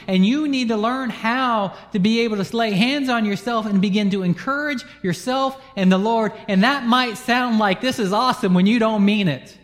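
High-voiced pastor in a reverberant hall. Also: male voice. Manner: animated storyteller, laughs through his own anecdotes. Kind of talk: storytelling sermon.

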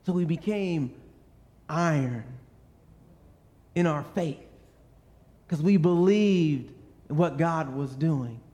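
A man with a fairly high voice preaches at an unhurried pace. He tells his stories earnestly and keeps asking rhetorical questions. His voice echoes with a long reverb, as in a large hall. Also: warm tone. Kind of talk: sermon.

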